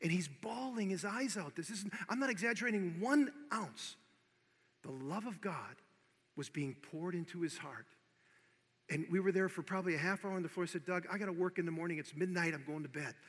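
A man preaching, telling a personal story with animated acted-out dialogue and swinging from hushed to loud exhortation. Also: high voice, fairly quick. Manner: animated storyteller, acting out both sides of the dialogue. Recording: long hall reverb.

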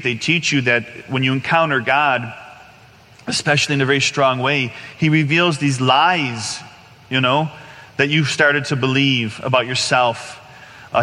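A priest giving a conversational, earnest sermon and telling a personal story, with many restarts and asides. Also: male voice, medium pitch, pushed and bright, in a large hall.

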